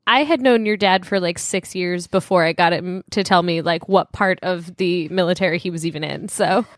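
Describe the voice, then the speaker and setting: A woman co-hosting a comedy podcast, deadpan and brief in her replies. Her voice is recorded dry and close, with no room sound. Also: fairly low pitch, normal speed, no echo. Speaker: podcast co-host. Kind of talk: casual comedic chat.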